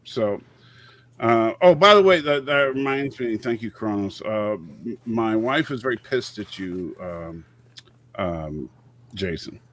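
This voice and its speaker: A middle-aged man co-hosting a casual group chat about a TV show, thoughtful and halting as he makes his points. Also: on the low side, lively intonation, fairly bright tone. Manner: thoughtful, halting, restarts phrases. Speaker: podcast co-host.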